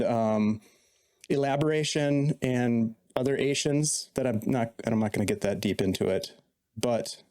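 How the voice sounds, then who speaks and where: Male DM and host, mellow and dark-toned, jokey and teasing. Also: mid-range voice. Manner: playful, teasing banter. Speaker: dungeon master and host. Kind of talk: casual podcast chat.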